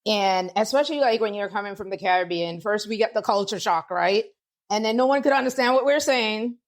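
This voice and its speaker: A woman in her forties from Antigua, with a lightly Antiguan accent softened toward American speech, telling stories in a casual podcast conversation. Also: mid-range voice, a little fast. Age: 40s. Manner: animated storyteller, quotes people in lively voices. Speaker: guest, lawyer and author.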